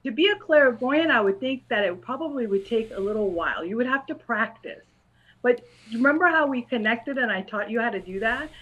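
A school psychologist appears as a guest, calmly answering interview questions and patiently explaining things in simple terms to a young interviewer. Her voice is on the high side and brisk, and the audio quality is poor.

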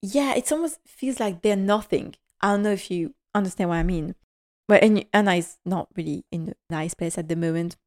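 A woman hosting a casual podcast that recaps a TV episode, animated, acting out characters' lines and laughing often. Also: lowish voice, fairly quick. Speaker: podcast host.

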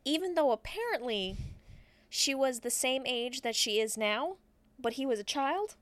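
Slangy woman recapping a movie, higher voice. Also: expressive, unhurried. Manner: slangy, profane plot retelling; rambling, self-correcting. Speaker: podcast co-host recapping a film. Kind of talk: casual chat.

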